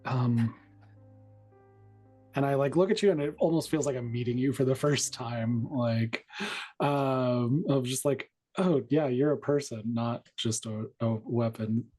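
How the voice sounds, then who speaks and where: A woman playing a tabletop game, soft and hesitant as she speaks in character. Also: a bass voice, measured pace, slightly rough, faint music behind. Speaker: player. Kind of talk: in-character tabletop role-play.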